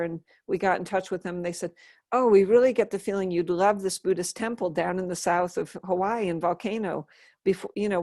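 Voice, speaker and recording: A middle-aged American woman, a Buddhist nun, telling her life story in an interview in an earnest, soft-spoken way, often restarting her sentences. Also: fairly low pitch, no room sound, clean studio sound.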